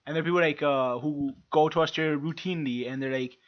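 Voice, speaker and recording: A man co-hosting a podcast in casual chat, talking excitably, swearing often and laughing a lot. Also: fairly high pitch, quick pace, dull audio. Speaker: podcast co-host.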